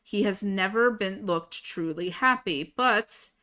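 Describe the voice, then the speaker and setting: A woman voicing a blunt, quietly caring older male general, reading her own book aloud in a low, quiet tone. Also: slow pace. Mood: gentle.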